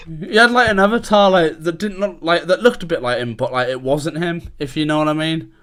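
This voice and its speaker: A man's voice: a little high, brisk, a bit bright. A young man, co-hosting a podcast and recalling gaming stories in a rambling way, full of fillers and laughter. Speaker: podcast co-host. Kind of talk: casual gaming chat.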